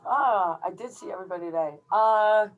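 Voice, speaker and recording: A woman, a strength coach, chatting casually as a podcast guest; laid-back, laughing often and filling pauses with "um" and "uh". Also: medium pitch, highs cut off.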